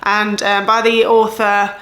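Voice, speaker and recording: A woman's voice: mid-range voice, little pitch movement, slow pace, fairly bright tone, reverberant. A woman in her thirties with an English accent, chatting casually about her month of reading, rambling and correcting herself as she goes. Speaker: book vlogger. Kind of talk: casual chat.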